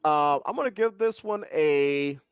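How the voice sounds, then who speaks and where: Casting: middle-aged male podcast co-host, loose, jokey and profane, voice sits a little high, dry booth sound. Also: expressive, unhurried, clear, resonant tone, dry recording, dull audio. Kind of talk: casual chat, cigar review.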